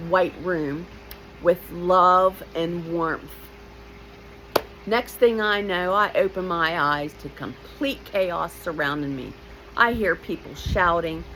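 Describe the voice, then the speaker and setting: Speaking in a lowish voice, a woman in her fifties recounts something from her own life bluntly and with energy, adding emotional remarks aimed at the listener. The audio is poor, with a little hiss or hum.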